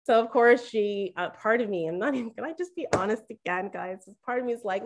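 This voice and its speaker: A woman speaking to listeners about her faith, telling a candid personal story in an animated, confiding way. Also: medium pitch, brisk. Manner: animated, confiding, acts out quoted voices; addresses listeners directly as "guys".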